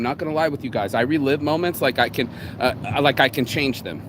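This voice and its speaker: Outdoors by a road, a vlogger gives a casual morning motivation talk, rambling and candid, swearing freely and acting out what other people said. He has a mid-range voice, talks a little fast, and there's background noise.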